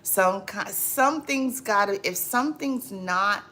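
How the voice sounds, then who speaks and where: A woman hosting a casual livestream, laughing often and chatting with viewers in drawn-out, repetitive phrasing full of fillers. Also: medium pitch, pushed and bright. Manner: laughs often, reads and answers viewer comments. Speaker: livestream host.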